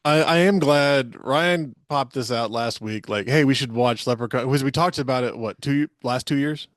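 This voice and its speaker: A man's voice: mid-range voice, moderate pace, dry recording. Joking male podcast host, dry sound. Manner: joking, rambling banter with profanity. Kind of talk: casual podcast chat.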